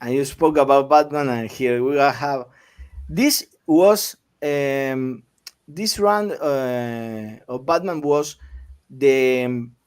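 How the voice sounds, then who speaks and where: Slow, halting man interviewing. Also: mid-range voice, smooth. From Argentina. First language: Spanish. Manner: halting, many fillers and restarts. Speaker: interviewer, host.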